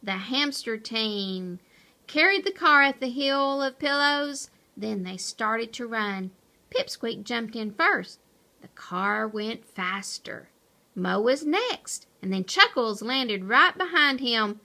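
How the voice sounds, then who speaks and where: High, lively woman reading a picture book. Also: takes it slowly, gravelly. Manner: expressive, storytelling. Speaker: narrator. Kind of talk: children's picture book read-aloud.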